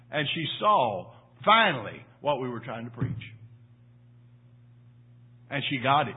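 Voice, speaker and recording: An older man preaching a sermon in church, swinging from loud emphatic peaks to low quiet asides and repeating phrases for emphasis. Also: sing-song, normal speed, long pauses, breathy edge. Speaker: pastor. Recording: tinny phone-like sermon audio.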